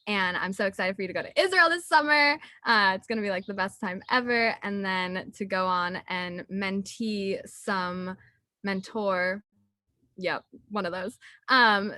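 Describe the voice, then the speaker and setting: A young woman speaks in a bright, forceful voice, gushing about a close friend in a chatty tribute packed with fillers. The sound is dry and close, with no room around it. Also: mid-range voice, dry recording. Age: young adult. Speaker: student speaker honoring a friend. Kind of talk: heartfelt tribute speech.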